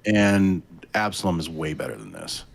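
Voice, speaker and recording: A man's voice: low-pitched, steady tone, moderate pace, creaky. A man co-hosting a gaming podcast, talking casually with swearing and restarts. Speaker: podcast co-host.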